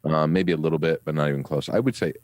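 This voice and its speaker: A man's voice: rumbling low, steady tone, quick pace, a little mellow, dry recording. A man chatting casually as a podcast guest, enthusiastic and rambling with plenty of fillers. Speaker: guest reporting from a trade show.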